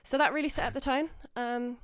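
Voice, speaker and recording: A woman telling a lively story in a casual podcast chat, acting out other people's lines and growing louder as she gets excited. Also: sits high, a little fast, clean tone, dry recording, studio quality. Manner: animated storyteller, acts out quotes, gets louder when excited. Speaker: podcast guest.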